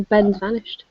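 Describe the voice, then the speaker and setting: An English woman chatting on a video call, self-mocking and quick to laugh. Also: no echo. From England. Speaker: show regular. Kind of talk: casual chat on a video call. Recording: dull lo-fi call audio.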